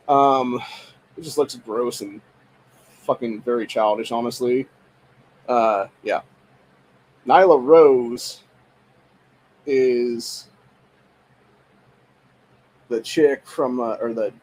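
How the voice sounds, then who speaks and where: A man's voice: medium pitch, darkish tone, husky, rough recording. A man hosting a podcast, giving rambling, profane political commentary in a dismissive, ranting tone, full of filler phrases. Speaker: podcast host.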